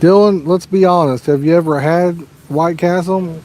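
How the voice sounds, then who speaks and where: Midwestern American man, slightly high voice, easygoing livestream host chatting outdoors by a lake, faint noise behind him. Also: fairly even intonation, normal speed, a little mellow. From Midwest USA. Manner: laid-back, chatty, answers viewers' questions. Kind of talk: casual livestream chat.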